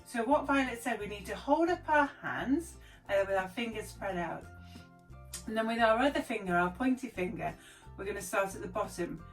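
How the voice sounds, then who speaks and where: A woman presenting a children's lesson, speaking slowly, clearly and enthusiastically. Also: mid-range voice, expressive. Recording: distant mic, faint background music.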